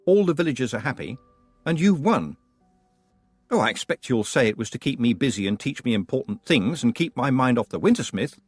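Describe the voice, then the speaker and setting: A man voicing an earnest, indignant young girl witch in an audiobook, reading her lines at a raised pitch. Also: slightly rough, no room sound.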